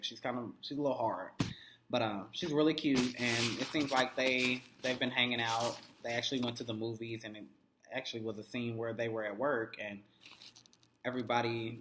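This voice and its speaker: A young man rattles through a TV episode recap in loose, profane chat, acting out the characters as he goes. His voice sits at an ordinary middle pitch. The room around him is roomy and echoey. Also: noisy background. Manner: animated, swears constantly, acts out characters' lines. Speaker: TV recap vlogger.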